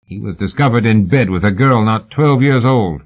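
A man's voice: fairly low pitch, animated, normal speed, husky. A man voicing a suspicious, coarse Victorian agent who speaks bluntly and challengingly. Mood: hostile. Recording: narrow phone-like audiobook sound.

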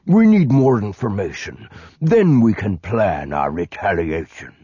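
A man voicing a cold, suspicious old slug lord who questions slowly. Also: lowish voice, big pitch swings, dark tone, slightly rough, no room sound, exaggerated voice. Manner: slow, cold and probing. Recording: dull dry lo-fi audiobook recording.

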